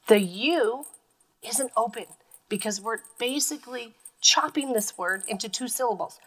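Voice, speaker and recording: Woman teacher doing phonics for little kids, sounds out letters one by one, slow and patient. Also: a little high, lively intonation, rough recording. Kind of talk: phonics lesson for young children.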